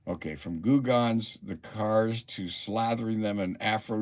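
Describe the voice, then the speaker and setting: A man's voice: lowish voice, a little slow. A man in his seventies from Ohio, hosting a casual livestream and talking through items in a rambling, easily sidetracked way. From Ohio, USA. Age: 70s. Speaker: livestream host. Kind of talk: casual livestream show-and-tell. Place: indoor workshop.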